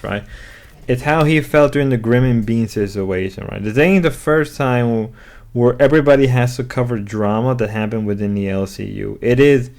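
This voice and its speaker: A man's voice: medium pitch, darkish tone. A man giving casual reaction commentary on stream clips, explaining and checking in with "right?".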